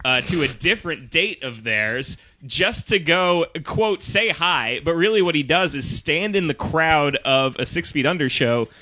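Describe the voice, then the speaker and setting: A man with a bright, dry-sounding voice chats loosely on a comedy podcast. He tells his story in a rambling way, full of fillers and restarts. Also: on the high side, lively intonation, unhurried, dry recording. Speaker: podcast co-host. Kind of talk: casual comedic chat.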